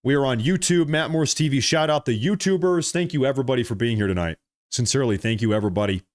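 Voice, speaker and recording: A man's voice: medium pitch, fast talker, no room sound, clean studio sound. A man hosting a live political stream, talking casually and repeating himself as he addresses viewers directly. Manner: chatty and repetitive, addressing viewers directly as folks and ladies and gentlemen. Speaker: political livestream host.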